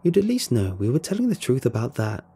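A man voicing a calm, thoughtful younger boy who speaks evenly and quietly. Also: mid-range voice, fast talker, vocal fry, slightly rough, heavily acted. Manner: even, reflective.

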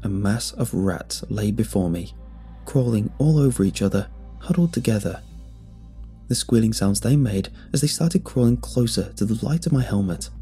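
A man narrating a first-person horror story in a tense, measured way. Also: fairly low pitch, dark tone. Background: faint music.

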